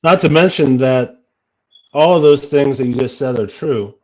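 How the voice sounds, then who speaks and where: A man's voice: mid-range voice, normal speed. A man talking earnestly as a guest in a casual livestream chat, with many restarts. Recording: dull lo-fi audio.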